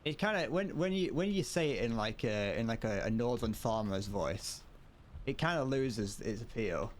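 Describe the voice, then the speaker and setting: A man's voice: mid-range voice, expressive, normal speed, slight background noise. A man streaming a game, chatting casually, rambling and joking with viewers and swearing freely. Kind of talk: casual gameplay commentary.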